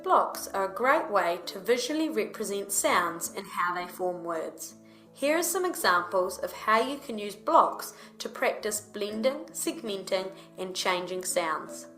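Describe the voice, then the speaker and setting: A woman narrating an instructional video in a clear, upbeat explanatory way. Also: mid-range voice, expressive, unhurried, pushed and bright, roomy sound, faint music behind.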